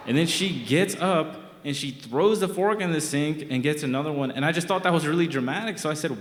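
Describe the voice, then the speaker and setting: A man's voice: on the high side, fairly quick, few pauses, a little hiss or hum. A young man telling a comic true story from his own life on stage, in a wry, conversational, self-mocking way. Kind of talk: live comic personal storytelling. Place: theatre stage. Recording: roomy theatre reverb.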